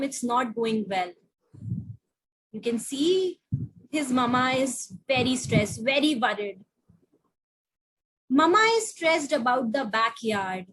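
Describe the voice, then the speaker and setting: High-voiced teacher. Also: female voice, husky, poor audio. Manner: slow, animated, coaxing questions to young children. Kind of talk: reading a picture book to children. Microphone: video call.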